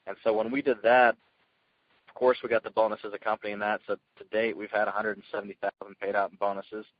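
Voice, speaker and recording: A man telling his success story as a guest speaker, energetic and earnest, in casual storytelling. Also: lowish voice, fast, dry recording, lo-fi sound. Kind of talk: motivational call talk.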